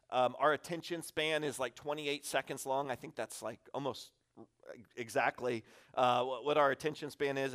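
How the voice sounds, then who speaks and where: A man's voice: medium pitch, clear, resonant tone. A man in his thirties giving a conversational, self-deprecating sermon as a guest pastor in a church, acting out little asides as he talks. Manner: candid, self-deprecating, animated with acted-out asides. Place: church sanctuary.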